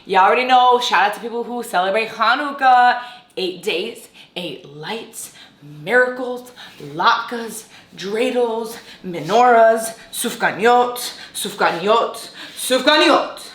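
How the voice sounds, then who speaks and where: Here the Brooklyn, New York coffee vlogger sounds a little high and fairly bright, talking slowly in a roomy space. As a young woman reviewing food and coffee, she rambles casually, teases herself from time to time, and greets viewers in a sing-song voice.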